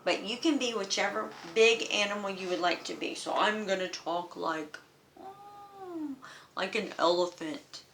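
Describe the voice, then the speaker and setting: A woman music teacher giving a children's music lesson, speaking in a gentle, encouraging way to young children. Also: medium pitch, normal speed, hardly any pauses, a little hiss or hum.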